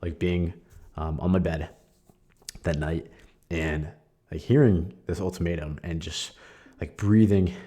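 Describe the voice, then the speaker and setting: A young man hosting a podcast, sharing a candid personal testimony in a casual, conversational way with frequent fillers and soft laughs. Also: deep voice, fairly even intonation, measured pace, long pauses. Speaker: podcast host.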